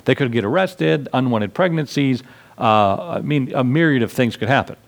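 A man's voice: medium pitch, lively intonation, normal speed. A man preaching a sermon to his congregation in a conversational way, acting out little scenes with asides. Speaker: pastor.

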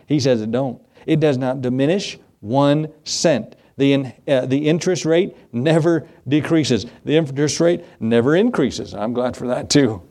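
A man preaching a sermon to a congregation, lively and joking, with animated emphasis on key words. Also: on the high side. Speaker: pastor.

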